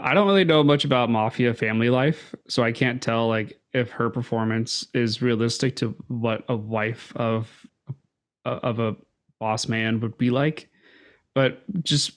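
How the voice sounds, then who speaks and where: Man, casual podcast chat, measured, thinking aloud, mid pitch. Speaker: podcast co-host.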